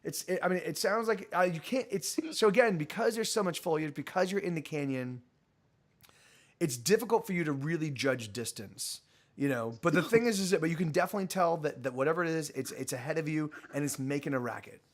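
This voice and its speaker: Acting as game master for a tabletop game, a man narrates in halting bursts full of restarts, his voice on the high side.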